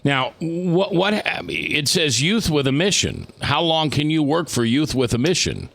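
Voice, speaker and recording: A man's voice: on the high side, very animated, unhurried, vocal fry, fairly bright tone. An older man hosting a radio talk show, joking and teasing his guests.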